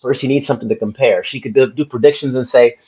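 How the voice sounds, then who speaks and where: A man's voice: mid-range voice, fast, mellow, breathy edge. A man hosting a casual livestream from his phone at home, chatting to viewers in a rambling way and repeating himself. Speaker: livestream host. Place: home room. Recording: slightly dull phone audio.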